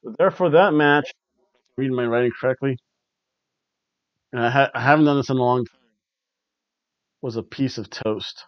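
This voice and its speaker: A man chats through a wrestling recap in a loose, rambling way, chuckling between his wry asides. His voice sits at an ordinary middle pitch, and the recording sounds dull, lo-fi and dry. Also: moderate pace, pauses often, no room sound. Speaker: podcast host. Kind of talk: casual wrestling review chat.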